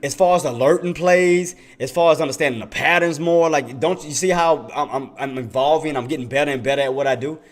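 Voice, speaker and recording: A man's voice: on the high side, fairly quick, few pauses. A man giving casual trading commentary to his viewers, repeating himself emphatically. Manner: repetitive, emphatic, addresses viewers as y'all. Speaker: day trader and livestream host.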